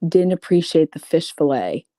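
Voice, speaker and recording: A woman's voice: low voice, very animated, normal speed, dark tone, dry recording, clean studio sound. A woman reading out private messages and commenting on them in a blunt, profane, sarcastic way. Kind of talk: casual commentary reading screenshots.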